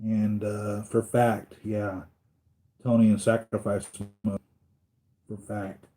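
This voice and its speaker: Mellow-voiced man chatting on a live stream. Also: lowish voice, flat delivery, slow. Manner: rambling, thinks aloud, corrects himself; reads and answers viewer comments. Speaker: collectibles channel host. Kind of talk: casual live-stream chat.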